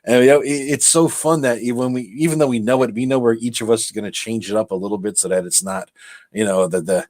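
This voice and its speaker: Male guest, middle pitch, dry close-miked sound, easygoing and profane. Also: fairly even intonation, quick pace, darkish tone, no room sound. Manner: laughs often, casual swearing. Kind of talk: casual livestream chat.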